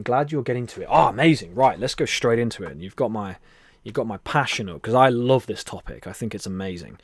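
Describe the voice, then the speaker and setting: Chatty man hosting a soft-spoken stream. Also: mid-range voice, dry recording. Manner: chatty and friendly, calls viewers "my friend" and "buddy", laughs often; shifts between soft near-whisper and louder talk. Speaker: live stream host. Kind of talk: casual live-stream chat, reading viewer comments. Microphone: headset mic with headphones.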